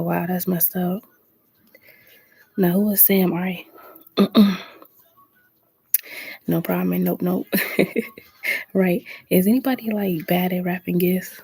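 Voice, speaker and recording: A woman tarot reader chatting casually on a late-night live stream, talking low and soft and greeting viewers by name in a laid-back way. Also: creaky, husky, no echo.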